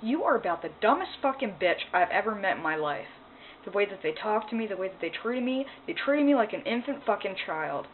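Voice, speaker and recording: A woman's voice: mid-range voice, animated, fairly quick. A woman ranting in a personal vlog, angry, upset and emotional, swearing as she talks. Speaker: vlogger. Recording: tinny phone-like sound, faint noise.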